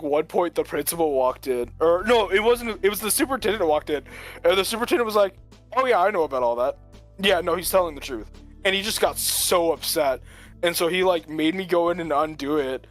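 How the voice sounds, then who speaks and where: A man telling a long story in casual chat, rambling with lots of filler words and frequent chuckles. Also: a little high. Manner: rambling, full of "like", chuckles often.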